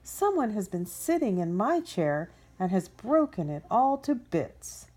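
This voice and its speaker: A whiny little baby bear from a storybook with a high voice, as a woman acts him out. He speaks slowly and his lines rise and fall a lot. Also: big pitch swings, mellow. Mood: upset. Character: small upset boy baby bear.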